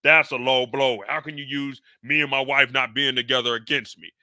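A man's voice: mid-range voice, steady tone, normal speed, bright, forceful tone, no echo, clean studio sound. A man voicing an indignant middle-aged father who lectures in a whiny, wounded tone.

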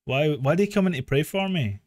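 A man, casually commentating a live game, excitable, swearing and laughing often. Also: on the high side, fairly quick, no room sound, clean studio sound. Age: 30s. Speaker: streamer.

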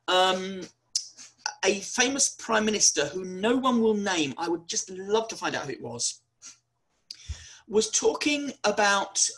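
A university lecturer giving a webinar talk, animated and wry, often spelling words out letter by letter. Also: mid-range voice, poor audio.

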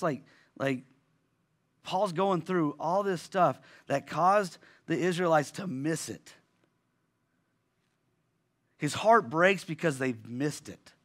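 Bright-voiced man preaching a sermon. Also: a little high, expressive, takes it slowly, pauses often. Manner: conversational preaching with frequent restarts and rhetorical questions. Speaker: pastor.

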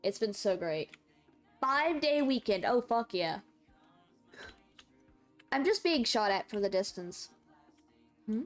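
A woman's voice: on the high side, very animated, slow pace, pauses often, soft background music. A young woman in college streaming a game, chatting casually, laughing and answering viewers. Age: young adult. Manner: chatty, laughs a lot, reads chat aloud. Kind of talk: casual gaming stream chat.

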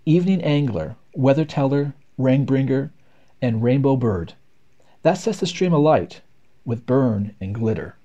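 A man reads nature poems aloud with rhythmic, expressive delivery. His mellow, dark tone rises and falls in lively swings. The pace follows the beat of the verse. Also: mid-range voice, unhurried, dull audio. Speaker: reader. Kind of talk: poetry read aloud.

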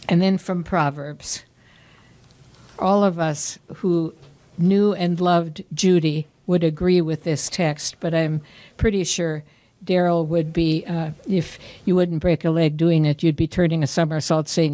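A woman pastor reads scripture aloud at a memorial service in a church. Her voice sits fairly low, and she takes each phrase very slowly and deliberately. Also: fairly even intonation, warm tone, dry recording. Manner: slow, measured reading. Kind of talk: reading scripture at a funeral service.

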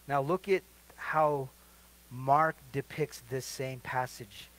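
A middle-aged male pastor leading a midweek Bible study sermon, asking the congregation to fill in verses and swinging between quiet asides and loud emphatic lines. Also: mid-range voice, steady tone, takes it slowly, low-quality recording. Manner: asks the congregation questions to fill in verses, then answers them.

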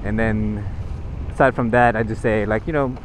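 A man's voice: lowish voice, steady tone, moderate pace. A man in his twenties from Brunei, chatting casually in a motorcycle vlog, rambling and joking at his own expense. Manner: rambling, joking, self-deprecating. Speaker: motovlogger. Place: outdoors on city streets. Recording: outdoor traffic noise. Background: traffic and motorbike noise.

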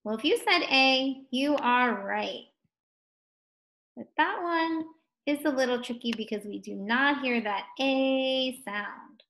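A woman teaches phonics to first graders in a slightly high voice. She takes her time and sounds each word out clearly, encouraging the children as she goes. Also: slow pace, fairly bright tone. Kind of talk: phonics lesson for young children. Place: home distance-learning recording.

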